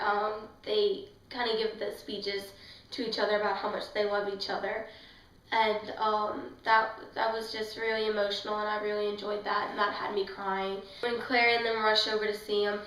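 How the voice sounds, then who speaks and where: A woman's voice: medium pitch, flat delivery, normal speed, fairly bright tone, echoey room, far from the mic, poor audio. A woman reviewing a book in a casual vlog, gushing and emotional, rambling with fillers. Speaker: book vlogger.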